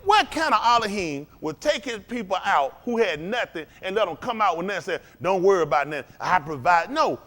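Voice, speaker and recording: Man preaching, high voice, very animated pitch, emphatic repetition. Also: fairly quick, few pauses. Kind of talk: fiery sermon.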